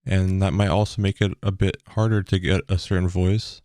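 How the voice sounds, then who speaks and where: A young man giving a casual tutorial in a loose, relaxed way with frequent ums, recorded on a bass-heavy broadcast microphone at home. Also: normal speed, no room sound, studio quality. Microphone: bass-heavy broadcast dynamic microphone.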